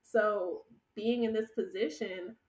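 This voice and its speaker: A woman in her thirties telling stories from her work as a podcast guest, animated and laughing often. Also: mid-range voice, takes it slowly, distant mic, poor audio. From United States. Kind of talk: conversational storytelling.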